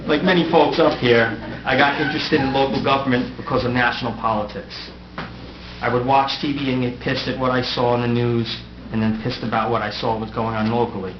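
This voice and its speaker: A man's voice: mid-range voice, fairly even intonation, fairly quick. Middle-aged man, outgoing mayor, prepared farewell speech, self-deprecating jokes, echoey council chamber, muffled noisy recording. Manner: wry, self-deprecating humor.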